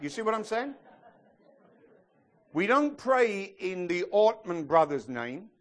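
A man's voice: high voice, moderate pace. A man preaching a sermon to a congregation, often checking in with them and joking as he goes. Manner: lively preacher, asks the congregation questions, jokes and laughs. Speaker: pastor.

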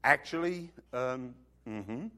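A man's voice: mid-range voice, animated, slow pace, bright, forceful tone. A man preaching a sermon in a conversational way, acting out little scenes and dropping joking asides to the congregation.

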